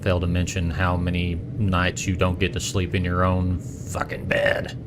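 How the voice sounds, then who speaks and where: A man's voice: sits low, monotone, normal speed, noisy background. A man with a Boston accent chatting casually on a stream, rambling and correcting himself as he goes. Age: adult parent.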